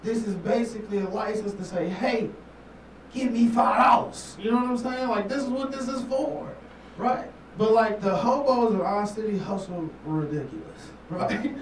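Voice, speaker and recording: A man's voice: sits high, lively intonation, moderate pace, a little mellow. Man, thirties, profane stand-up storytelling, noisy room, mic far off. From Memphis, Tennessee. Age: 30s. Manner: loose, profane storytelling with frequent laughs and asides. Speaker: stand-up comedian. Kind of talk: stand-up comedy set. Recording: roomy club sound from far off with noise.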